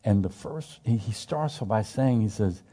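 A man's voice: fairly low pitch, a little slow, breathy edge. Man leading a casual Bible study. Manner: animated, emphatic, asks the group questions; frequent restarts and repetitions. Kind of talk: informal conversational scripture teaching.

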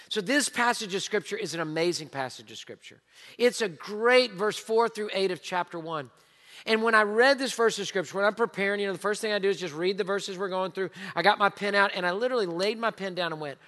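A man in his forties with a drawl delivers a sermon with animated storytelling. His voice sits high and bright, rising loud and dropping hushed. It rings with the long reverb of a large church sanctuary. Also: fairly quick. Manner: lively storytelling, swings between loud and hushed. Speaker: pastor.

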